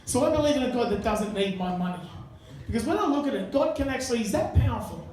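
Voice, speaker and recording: A man's voice: extremely high pitch, expressive, fast talker, a little mellow, slight background noise. Male stand-up, crude and chatty, live pub room with heavy echo, distant mic. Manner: crude, conversational, banters with the crowd. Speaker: stand-up comedian. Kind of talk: stand-up comedy set. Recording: echoey room, mic far off. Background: audience laughter.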